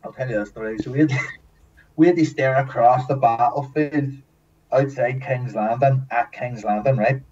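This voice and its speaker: A man guest telling casual stories in a lively way, swearing often and acting out what others said. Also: mid-range voice, moderate pace, crowd noise. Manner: lively storyteller, swears often, acts out quotes. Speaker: guest, former TV extra. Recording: distant mic, dull lo-fi sound, faint hiss.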